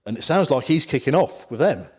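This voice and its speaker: A man's voice: mid-range voice, expressive, brisk, husky. A man from the Isle of Wight, a podcast guest telling a long story in casual, rambling chat. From England, Isle of Wight. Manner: rambling, full of "you know" asides.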